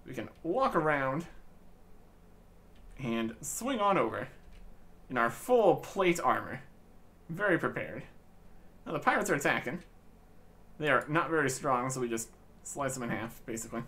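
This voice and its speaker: A man's voice: medium pitch, fairly bright tone. A man narrating his own gameplay with dry, joking commentary as a gaming channel host. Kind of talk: let's-play commentary.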